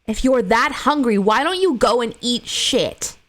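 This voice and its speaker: A woman voicing an exhausted, resentful young mother in a script read, with a gravelly edge to her voice. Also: medium pitch, brisk, darkish tone, lightly acted. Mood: furious.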